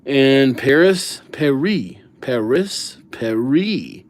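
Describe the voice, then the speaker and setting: A man's voice: mid-range voice, expressive, extremely slow. A man hosting a casual livestream, chatting loosely with viewers and riffing on their names with silly nicknames. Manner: laid-back, slangy banter with viewers.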